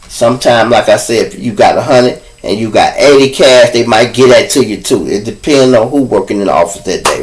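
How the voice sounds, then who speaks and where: A man's voice: mid-range voice, low-quality recording. A man hosting a show and telling loose, profane stories in a casual monologue. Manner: loose, profane, animated storytelling. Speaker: host.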